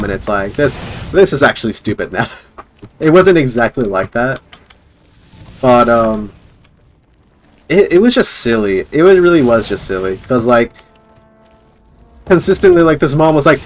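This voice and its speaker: A man's voice: mid-range voice, big pitch swings, moderate pace, pauses often. A man streaming live, rambling casually with lots of fillers and chuckles.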